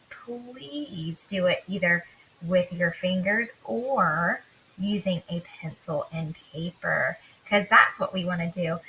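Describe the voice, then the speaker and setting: A woman teaching little children their letter sounds, speaking at an unhurried pace. Her voice sits a little low but has a bright, forward edge. A faint hiss runs under her computer-mic recording. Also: poor audio. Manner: slow, warm sing-song teacher talk, drawing out letter sounds. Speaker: kindergarten teacher. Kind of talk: remote phonics lesson for young children.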